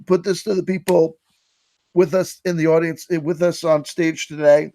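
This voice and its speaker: A man's voice: a little high, fairly even intonation, moderate pace, mellow, no room sound, clean studio sound. A man hosting a live stream, giving a mock-earnest, sarcastic lecture and often repeating his words. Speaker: host running a mock workshop.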